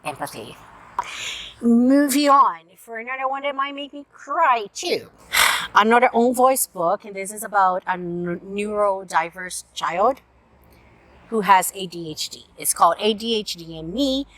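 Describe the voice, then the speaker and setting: A woman hosts a casual book review vlog, going through picture books to camera with earnest, open emotion that turns tearful at times. Her mid-range voice is expressive and a bit bright, and she doesn't hurry.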